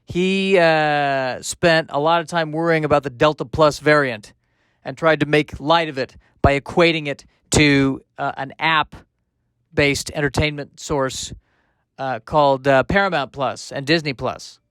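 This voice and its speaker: A man voicing an analytical robot from the future, giving a slow, clinical report. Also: on the high side, fairly even intonation, fairly bright tone, clean tone, no echo.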